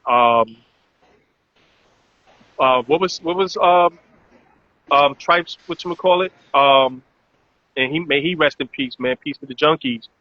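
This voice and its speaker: New man hosting live chat, bright forward voice, dry close sound, rambly hype with fillers, lo-fi. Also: mid-range voice, dry recording. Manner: loose, promotional, many "um" fillers. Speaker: host. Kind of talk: casual live-stream chat. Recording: dull lo-fi audio.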